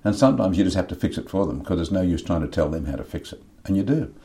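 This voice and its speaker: A middle-aged man, appearing as a podcast guest, speaks candidly and earnestly about faith and his inner life, often repeating words while searching for them. His voice sits low with a dark tone and lively intonation, moving at a quick pace. There's a slight hiss or hum in the audio.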